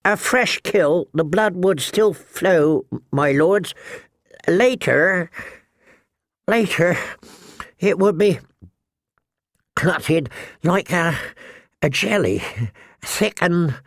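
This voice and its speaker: A man's voice: high-pitched, animated, extremely slow, pauses often, dry recording, studio quality, pitched above the performer's own voice, full character voice. A man voicing a nervous, heavy young man who stammers and breaks off mid-phrase.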